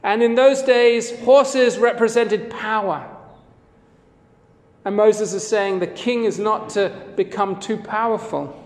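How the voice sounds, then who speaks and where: High-voiced male pastor preaching in a hall. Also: takes it slowly. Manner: earnest, conversational preaching with quoted readings. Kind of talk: sermon.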